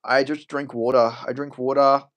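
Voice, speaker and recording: A man's voice: medium pitch, level tone, normal speed, highs cut off, background noise. A man chatting casually on a stream. He rambles, swears freely and answers questions from chat.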